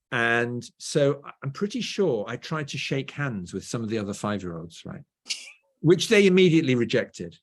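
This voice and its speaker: A middle-aged Englishman with a clear BBC-style southern accent, talking at a medium pitch as he tells stories to an interviewer. He tags his points with "right?" as he goes. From England. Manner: storytelling, often adds "right?". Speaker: guest author. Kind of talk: conversational interview.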